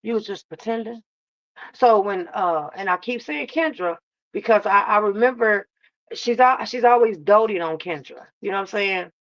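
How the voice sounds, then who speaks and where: A woman's voice: mid-range voice, expressive, normal speed, dry recording, dull audio. A woman hosting a casual live reaction stream, drawling and sassy, calling her chat baby and love. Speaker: reaction channel host.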